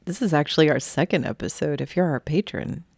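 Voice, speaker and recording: A woman's voice: sits low, brisk, gravelly, darkish tone, slightly rough, dry recording. A woman co-hosting a podcast, trading dry, teasing banter in casual chat. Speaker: podcast co-host.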